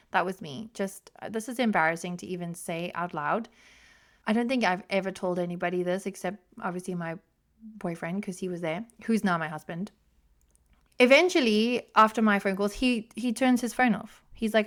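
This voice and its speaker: Smooth-voiced woman podcaster, frank and swearing. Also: mid-range voice, moderate pace. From South Africa. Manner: frank, self-mocking, swears freely. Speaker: podcast host. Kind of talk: candid solo podcast storytelling.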